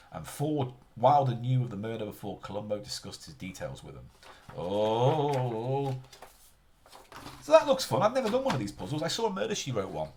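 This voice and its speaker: A man's voice: medium pitch, darkish tone, slight background noise. A man chatting casually on a live stream, rambling and often interrupting himself mid-sentence.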